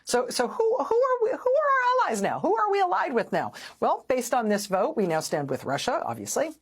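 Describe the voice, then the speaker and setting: A woman's voice: high voice, huge pitch swings, a little fast, slightly rough. A woman hosting a news show, delivering sarcastic, incredulous political commentary. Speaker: host.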